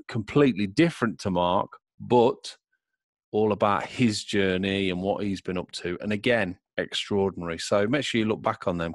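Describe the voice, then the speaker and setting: Chatty male podcast host, jokey, a bit low-pitched, close and dry. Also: no room sound. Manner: chatty, jokey, laughs loudly. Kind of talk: casual podcast chat.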